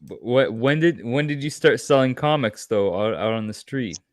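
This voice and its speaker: A man's voice: medium pitch, animated, moderate pace, dry recording, clean studio sound. A man hosting a casual podcast, easygoing and asking his guest questions. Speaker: podcast host.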